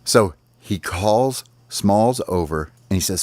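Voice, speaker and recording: Dad telling an animated bedtime story. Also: male voice, on the low side, slow, hardly any pauses, dry recording. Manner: animated, with sound effects and sighs.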